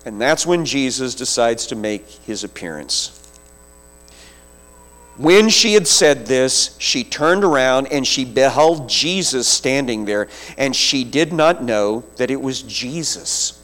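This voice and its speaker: A man's voice: mid-range voice, animated, fairly bright tone. Man preaching in a storytelling sermon. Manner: vivid storytelling with slow deliberate phrasing. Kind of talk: sermon retelling a scripture story.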